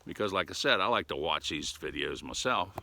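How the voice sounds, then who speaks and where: An older man with a fairly low voice rambles along in a folksy, chatty way, his pitch rising and falling with lively swings. He talks casually to a camera set up outdoors on a cold day. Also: fairly quick, gravelly, background noise. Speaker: vlogger. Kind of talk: casual outdoor vlog chat.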